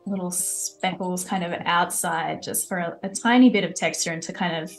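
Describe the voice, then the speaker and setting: A woman from Australia, a guest lettering artist, relaxed and talking as she draws. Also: on the low side, moderate pace, faint music behind, poor audio. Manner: relaxed, talks while drawing. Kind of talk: casual demo narration.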